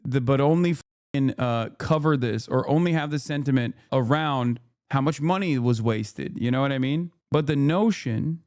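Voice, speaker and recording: Blunt, clear-voiced male streamer. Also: medium pitch, moderate pace, darkish tone, dry recording, clean studio sound. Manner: blunt, heated, frequent swearing. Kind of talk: casual political commentary on stream.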